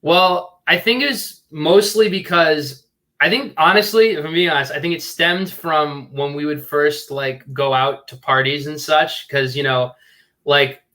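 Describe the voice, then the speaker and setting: Rambling filmmaker, full of "like"s. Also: male voice, fairly high pitch, a little slow, sharp tone. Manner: rambling, filler-heavy, earnest. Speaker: filmmaker guest. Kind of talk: casual interview chat.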